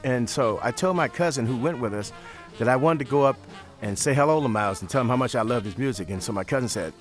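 An older man from St. Louis, telling stories as an interview guest in a relaxed manner, repeating phrases. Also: mid-range voice, quick pace, soft background music. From St. Louis, USA. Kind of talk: storytelling in an interview.

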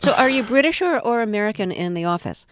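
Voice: mid-range voice, animated, fast talker. An interviewer asking curious questions and laughing along with the guest. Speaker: radio interviewer.

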